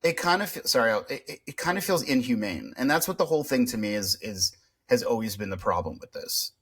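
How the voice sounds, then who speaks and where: Husky guy on a podcast, chill reflective chat, drops an f-word here and there. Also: mid-range voice, sing-song, fairly quick, fairly bright tone. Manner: reflective, with swearing and hesitations. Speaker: podcast co-host.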